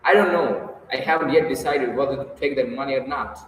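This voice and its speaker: A man's voice: mid-range voice, fairly quick, a bit bright, close to an everyday voice. A man reading aloud voices a tormented, bitter young man in an intense, despairing confession. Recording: echoey hall, distant mic, faint hiss.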